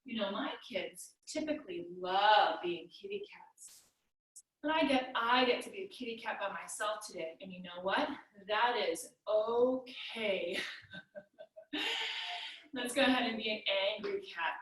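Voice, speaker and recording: A woman teaching a kids yoga class in a playful, sing-song way, with drawn-out phrasing. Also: mid-range voice. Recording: echoey room, voice from a distance.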